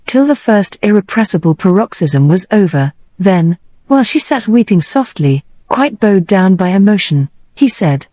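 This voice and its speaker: A woman narrating a classic novel as an audiobook, with a measured, expressive reading. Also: lowish voice, no room sound, poor audio.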